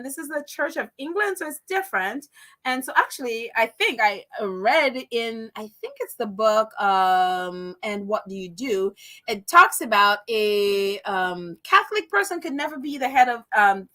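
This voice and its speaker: Host: Caribbean-accented woman, high and bright, chatty live-stream commentary, laughs easily. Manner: chatty, reads viewer comments aloud, laughs often.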